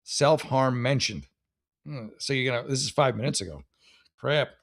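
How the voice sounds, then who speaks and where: Brief: man, mid-pitched, blunt and sarcastic, loose rambling commentary as a mock advice host. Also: lively intonation, moderate pace, gravelly. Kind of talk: casual commentary on read-out posts.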